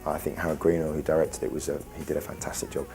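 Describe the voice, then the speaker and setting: Talking quickly in an extremely low, gravelly yet warm voice with a flat delivery, a young pop band member gives an interview. He rambles earnestly and keeps restarting, and faint music plays in the background.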